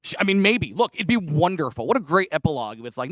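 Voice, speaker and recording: A man's voice: fairly high pitch, sing-song, fast talker, a bit bright, dry recording, clean studio sound. A male pastor preaching a sermon in a conversational, self-deprecating way, with casual asides. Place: church sanctuary.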